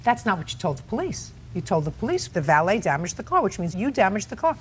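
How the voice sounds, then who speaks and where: A woman's voice: mid-range voice, very animated, quick pace, slight background noise. Blunt, cutting older woman judge. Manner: blunt, cutting, interrupts often. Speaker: TV courtroom judge. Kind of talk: stern courtroom questioning. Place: TV courtroom set.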